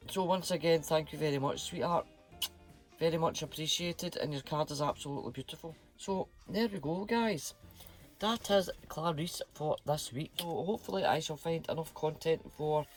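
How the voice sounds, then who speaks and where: Scottish man, vlogger, chatty and slangy, voice sits a bit high. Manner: chatty, sprinkles Scots slang words. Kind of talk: casual chat to camera.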